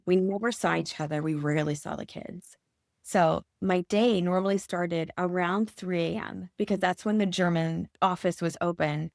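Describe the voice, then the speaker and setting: A woman in her forties from Michigan, speaking as a podcast guest. Her voice sits low and carries a gravelly fry. She recounts a personal story with earnest feeling, close and dry on the mic. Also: normal speed, no room sound. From Michigan, USA.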